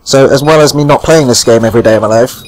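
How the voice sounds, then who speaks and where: A man's voice: medium pitch, fast talker. Chatty man commenting on gameplay. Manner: rambling, chatty, swears casually. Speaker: gaming channel host.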